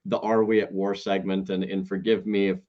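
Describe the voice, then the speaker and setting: A man co-hosting a podcast in casual chat, rambling with many fillers and wide swings in pitch. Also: little pitch movement, a little fast. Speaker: podcast co-host. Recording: slightly dull, lo-fi sound.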